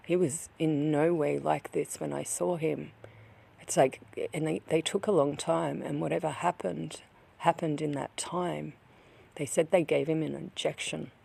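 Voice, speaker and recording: Grieving vlogger, heavy vocal fry, halting delivery, sometimes whispered. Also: mid-range voice, a little mellow. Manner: halting, many restarts, drops to a whisper. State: upset, grieving. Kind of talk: personal account to camera.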